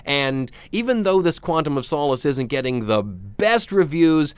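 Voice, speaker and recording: A man's voice: on the high side, sing-song, a little slow, smooth, no room sound. A man hosting a casual radio show, chatty and enthusiastic, joking with his co-host.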